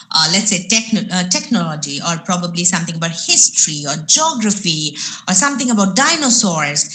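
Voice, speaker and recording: Indian woman teaching with lively pitch. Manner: explanatory, repeats points, rhetorical questions. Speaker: IELTS trainer. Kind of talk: live webinar lecture.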